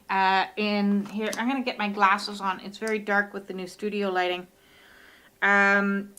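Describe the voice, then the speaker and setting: A woman's voice: fairly high pitch, pushed and bright, clear, resonant tone. A middle-aged woman hosting a live oracle card reading from her home studio, talking in a soothing way with lots of "uh" fillers.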